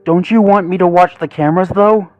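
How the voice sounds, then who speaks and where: A man's voice: sits high, a little fast, lo-fi sound, soft background music, pitched above the performer's own voice, lightly acted. A man doing a cold, terse Great Dane. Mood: plain. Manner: terse, trying to sound steady. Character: male Great Dane, cold, hiding his shivering. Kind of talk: storybook reading.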